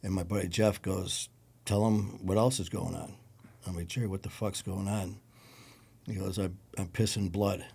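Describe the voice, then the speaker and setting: A man with a Detroit accent, a podcast guest recounting a personal story in a low-key, conversational way. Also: fairly even intonation, moderate pace, a little mellow. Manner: gravelly, low-key storytelling with acted quotes.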